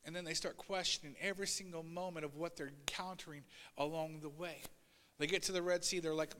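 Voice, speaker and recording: A man preaching a sermon as pastor, swinging between loud, urgent passages and quiet asides, and voicing Bible figures in a raised voice. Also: high-pitched, steady tone, a little fast, clean tone, in a large hall. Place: church sanctuary.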